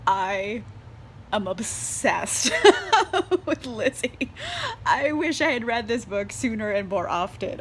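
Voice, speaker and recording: A woman's voice: mid-range voice, animated, slow, a bit bright, a little hiss or hum. A tipsy young woman reviewing a book in a casual vlog, bubbly and laughing often, swearing freely and saying "like" a lot. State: tipsy from wine. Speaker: book vlogger.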